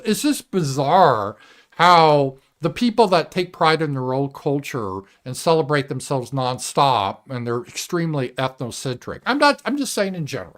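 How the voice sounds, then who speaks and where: A man hosting a live political commentary show, talking casually and animatedly, swearing and mimicking voices in a shrill tone. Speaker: show host.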